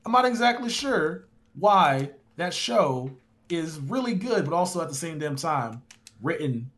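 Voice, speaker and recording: Animated young man chatting on stream. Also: a little high, measured pace. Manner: animated, rambling, swears casually. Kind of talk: casual live-stream chat about a football video game.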